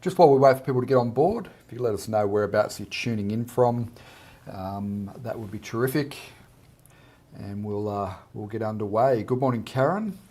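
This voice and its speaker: A man's voice: lowish voice, animated, normal speed, darkish tone. A man with an Australian accent, hosting a casual live art chat and greeting viewers by name as he reads out their comments.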